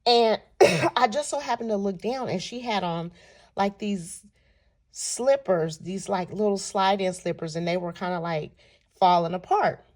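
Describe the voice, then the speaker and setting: A woman vlogger from California telling a personal story in an animated, chatty way. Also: medium pitch, unhurried. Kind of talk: storytelling vlog.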